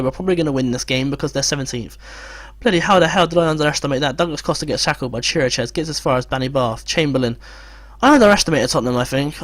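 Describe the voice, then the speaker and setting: A man's voice: a little high, a bit bright, dry recording. A young man giving frustrated, swearing let's play commentary on a football game. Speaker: gamer.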